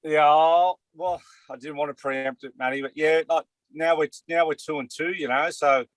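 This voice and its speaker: A man's voice: on the high side, fairly even intonation, normal speed, no echo. Rambling Australian man, lots of "mate". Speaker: co-host, former player. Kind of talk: casual sports chat.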